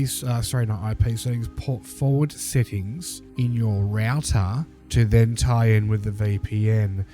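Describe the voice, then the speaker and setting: A man's voice: on the low side, warm tone. A man giving critical commentary over a video clip, lecturing and emphatic, repeating his points.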